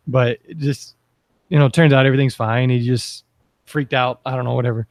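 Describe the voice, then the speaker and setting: A man's voice: mid-range voice, level tone, a little fast, dry recording. A man hosting a sports medicine podcast, chatty and upbeat, drifting into side stories before steering back. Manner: chatty, upbeat, rambling asides. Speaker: podcast host. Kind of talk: casual panel discussion.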